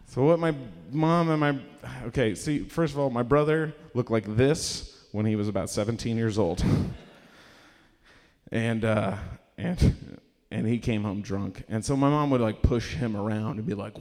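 A man's voice: fairly low pitch, normal speed, darkish tone, big-room sound. A young man telling a rambling, self-mocking stand-up story at a live comedy venue, acting out quotes in raised voices.

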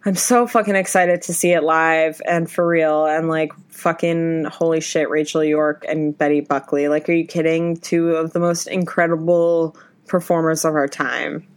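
A woman co-hosting a podcast in casual chat, gushing and excitable, swearing freely. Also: low voice, moderate pace, clean tone. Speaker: podcast co-host.

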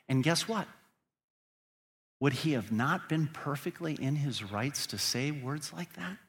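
A man's voice: a little high, animated, unhurried. A man preaching a sermon as pastor, earnest and building to emphatic peaks.

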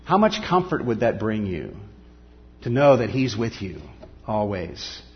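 A man's voice: big pitch swings, unhurried, muffled recording. Earnest male preacher in a reverberant hall. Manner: earnest, building to emphatic peaks then dropping soft and low. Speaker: pastor. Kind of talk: sermon.

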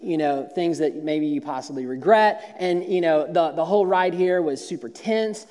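Pastor preaching in a reverberant hall. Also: male voice, a little high, moderate pace, a little mellow. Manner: storytelling, frequent word repeats and restarts. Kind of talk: conversational sermon. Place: church auditorium. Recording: long reverb of a large hall.

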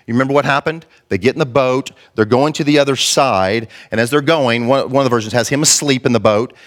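A man's voice: medium pitch, quick pace, few pauses. A male pastor preaching an impassioned, conversational sermon and acting out the quotes he tells.

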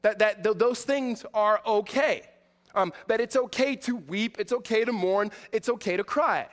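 A man in his forties preaching a sermon in a conversational way, with many fillers and restarts, moving between loud emphasis and quiet asides. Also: high voice, normal speed, long reverb tail. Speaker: pastor.

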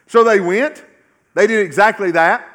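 High-voiced pastor preaching emphatically. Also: male voice, normal speed. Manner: emphatic, repetitive, often dropping to a low quiet finish. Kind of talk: sermon. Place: church.

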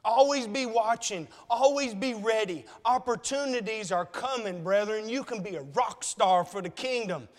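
A male preacher with a high voice shares a personal story in an emotional, conversational sermon. He keeps addressing the congregation as brethren. His words echo with a long reverb, as if he is in a large sanctuary. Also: normal speed, hardly any pauses.

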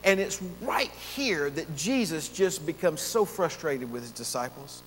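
A man's voice: on the high side, big pitch swings, measured pace, a bit bright, a little hiss or hum. A man preaching an expository sermon as pastor, earnest, drawing out key words to stress them. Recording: long hall reverb.

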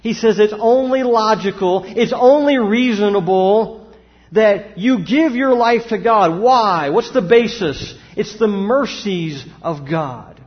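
A man's voice: sits high, slow pace. A man, a pastor preaching a sermon with emphatic rises and rhetorical questions. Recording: dull sound with long hall reverb.

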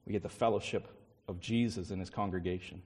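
A man's voice: low voice, fairly even intonation, fast, a little mellow, slightly rough. A male pastor preaching a sermon with emphatic repetition and rhetorical questions. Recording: long hall reverb.

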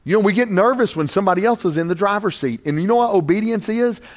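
High-pitched preacher guy, goes quiet then loud, chatty joking stories in between. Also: fast. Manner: swings from quiet intimate asides to loud raised preaching; conversational, joking storyteller. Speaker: pastor. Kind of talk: sermon.

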